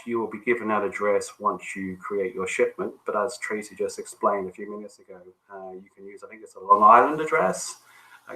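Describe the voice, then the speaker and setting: Lower, bright-voiced male coach. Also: low-quality recording. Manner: relaxed, conversational, frequent ums and restarts. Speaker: business coach. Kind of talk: coaching call, answering questions.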